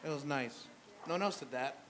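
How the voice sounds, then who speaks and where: A man's voice: mid-range voice, fairly quick, fairly bright tone. Blunt, profane stand-up comedian man. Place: brewery venue with live audience. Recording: noisy live room.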